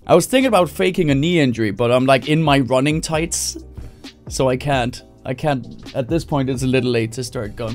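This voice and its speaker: A man from Denmark telling a stand-up story live, animated, jumping into loud high yelling voices for the people he quotes. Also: a little fast, soft background music. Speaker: stand-up comedian. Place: indoors, livestream.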